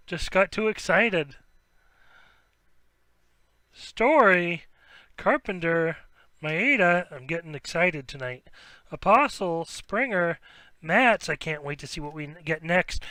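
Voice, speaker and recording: Excitable card-break host, bright high voice. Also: male voice, slow, pauses often, no echo. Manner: rattles off player names, bursts into excited shouts at big pulls. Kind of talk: live sports card break commentary.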